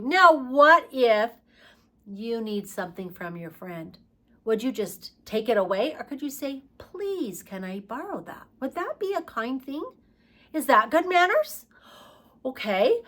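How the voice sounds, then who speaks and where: Slow sing-song preschool teacher woman. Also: fairly high pitch, sing-song, sharp tone. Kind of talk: children's lesson with songs.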